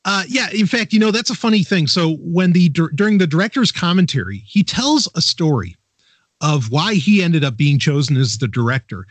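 A man's voice: on the high side, big pitch swings, moderate pace, no room sound. A man hosting a podcast, talking enthusiastically in a rambling casual chat with many restarts. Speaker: podcast host.

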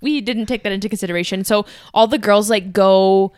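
A woman's voice: medium pitch, steady tone, a little fast, a little mellow, no room sound, studio quality. A young woman in her twenties, co-hosting a podcast and telling stories casually, with constant "like" and acted-out quotes. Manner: chatty storyteller, says "like" constantly, acts out quotes. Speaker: podcast co-host. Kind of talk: casual chat.

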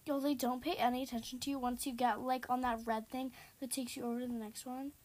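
A young woman with a high, light voice talks through a horror game as she plays it. She is jumpy and easily startled, and her delivery keeps swinging between scared, hushed whispers and sudden loud outbursts. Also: level tone, fast. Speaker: gamer. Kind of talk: horror game let's-play commentary.

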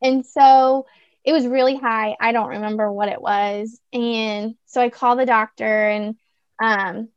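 Young woman, podcast guest, chatty storyteller with fillers, slightly high pitch, muffled recording. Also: steady tone, a little slow, smooth, dry recording. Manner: chatty, lots of fillers and restarts. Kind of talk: personal storytelling. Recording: dull lo-fi dry recording.

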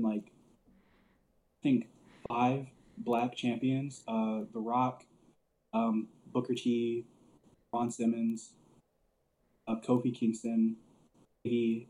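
A man's voice: medium pitch, mellow, rough recording. A man telling wrestling stories in casual chat, loose and profane, laughing often and filling with "like". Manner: loose storyteller, swears a lot, laughs often, many "like" fillers. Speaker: podcast co-host.

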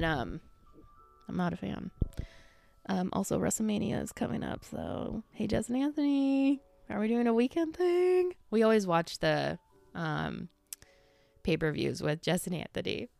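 A woman's voice: on the low side, gravelly, clear, resonant tone, dry recording. A woman hosting a casual solo podcast from home, rambling with lots of fillers and casual swearing. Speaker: podcast host.

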